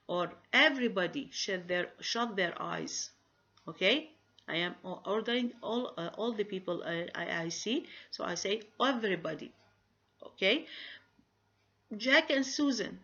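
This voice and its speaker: A woman giving a recorded grammar lecture, pausing often and asking rhetorical questions. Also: mid-range voice, sharp tone. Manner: halting, many fillers and restarts, rhetorical questions. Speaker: grammar teacher. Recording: dull lo-fi recording.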